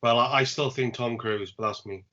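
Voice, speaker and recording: Man, podcast host, mid-pitched, dry humor, dull lo-fi audio. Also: fairly even intonation, moderate pace, bright, forceful tone. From Wales. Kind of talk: casual chat.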